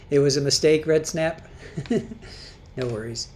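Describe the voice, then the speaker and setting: A woman's voice: sits low, slow, slight background noise. A woman hosting a casual livestream, chatting as she reads viewer comments aloud, often repeating and restarting her words. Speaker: livestream host.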